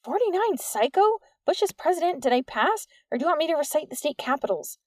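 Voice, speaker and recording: A woman's voice: sits high, sing-song, brisk, no echo, studio quality, pitched above the performer's own voice. A woman reading the part of a stubborn, sarcastic teenage girl in an audiobook, with dismissive retorts.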